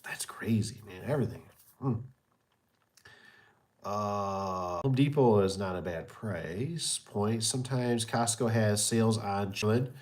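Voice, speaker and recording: Speaking slowly in a lowish voice, a middle-aged man who owns a garage door business chats casually. His talk is rambling and folksy, filled with fillers.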